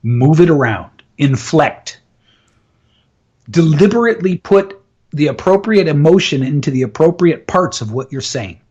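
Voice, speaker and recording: Male voice coach, interview guest, upbeat and laugh-prone, voice sits a touch high. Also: animated, unhurried, a little mellow, husky, dull audio. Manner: enthusiastic, laughs often, demonstrates with his voice. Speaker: voice and communication coach. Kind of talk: interview, explaining techniques.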